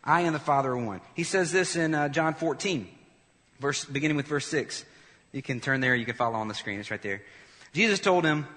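Emphatic preacher man in a reverberant hall. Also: fairly high pitch. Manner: animated, emphatic, quick asides to the congregation. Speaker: pastor. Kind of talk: sermon.

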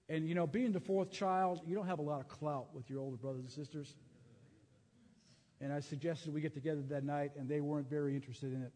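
A man's voice: fairly high pitch, dark tone, in a large hall. A middle-aged man preaching, telling a personal story in an earnest way with frequent restarts and fillers. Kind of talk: sermon testimony.

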